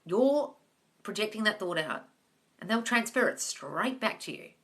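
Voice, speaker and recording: A medium-pitched, expressive woman's voice with a fairly bright tone moves at a measured pace. She hosts a live manifesting Q&A, blunt and foul-mouthed, addressing viewers as "guys" and "darling" with casual advice, heard through a phone or webcam stream.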